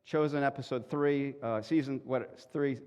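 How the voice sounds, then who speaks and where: A male pastor preaching in a casual, animated way, acting out quick voices of the people in the story. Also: medium pitch, clean tone, lo-fi sound. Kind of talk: conversational sermon. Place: church sanctuary. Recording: long hall reverb.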